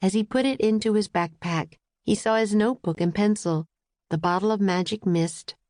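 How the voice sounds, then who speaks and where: A woman's voice: mid-range voice, moderate pace, darkish tone, no room sound, clean studio sound. Woman narrating a children's audiobook. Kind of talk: scripted narration.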